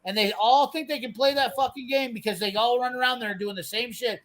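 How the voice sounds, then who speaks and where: A man's voice: very high-pitched, moderate pace, bright, forceful tone, rough recording. A man, ranting profanely and bluntly as he tells a work story in casual chat. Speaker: host telling a work story.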